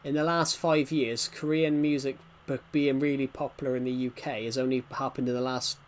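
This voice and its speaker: A man's voice: medium pitch, level tone, a little fast, slight background noise. A man casually chatting to viewers while streaming a game, rambling and restarting sentences as he reacts to the chat. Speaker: game livestreamer.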